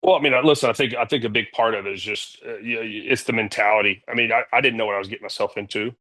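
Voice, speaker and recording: A man, a company CEO, telling stories as a guest in a casual interview, energetic and blunt, swearing freely. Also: lowish voice, rapid-fire.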